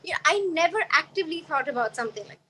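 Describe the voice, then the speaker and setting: Talking fast in a high-pitched, sharp-toned voice, a woman on a video-call panel thinks out loud with hesitation and lots of "like" fillers, yet stays animated. The recording is rough, with slight background noise.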